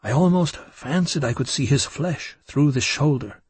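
Male narrator, husky, mid-pitched, measured and intense, dry close sound, for dark first-person audiobook narration. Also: dry recording.

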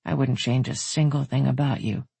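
A narrator voicing a strong, tender, confident man who talks in a low rumbling murmur, read in a dry, husky voice. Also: fairly even intonation, normal speed, warm tone, no echo.

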